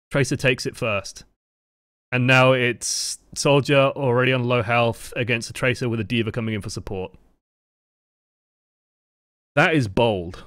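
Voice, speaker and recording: A man's voice: mid-range voice, moderate pace, a bit bright, dry recording, studio quality. A man giving casual, profanity-laced esports analysis of match footage. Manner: casual, profane, lots of "like" fillers. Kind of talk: live match analysis commentary.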